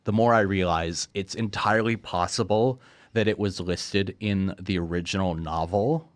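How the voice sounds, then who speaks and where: A man's voice: deep voice, fairly even intonation, normal speed, dry recording. A young man hosting a casual movie review chat, sarcastic and laughing often. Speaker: podcast host.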